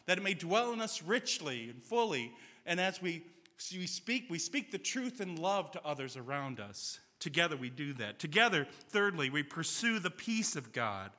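A man preaching a sermon, his voice very bright and sitting a little high for a man. He speaks earnestly and tells stories with quoted dialogue, and long church-hall reverb trails after each phrase. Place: church sanctuary.

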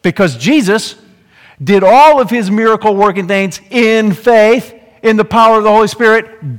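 Man preaching slowly, high-pitched voice, dramatic storyteller, big echoey church hall. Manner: dramatic, storytelling preacher, shifting loud and soft. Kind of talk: sermon. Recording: long hall reverb.

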